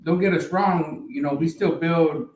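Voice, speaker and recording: A man's voice: on the high side, unhurried, a little mellow. A man guest on a podcast chatting in an easygoing, filler-heavy way about building cars. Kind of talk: casual chat. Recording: roomy, faint background hum.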